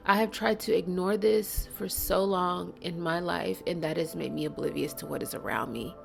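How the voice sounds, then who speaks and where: Hosting a spiritual channel, a woman with a low, gravelly voice delivers a monologue bluntly and earnestly. She presses hard on slow words and at times drops to a whisper, with soft music faintly underneath.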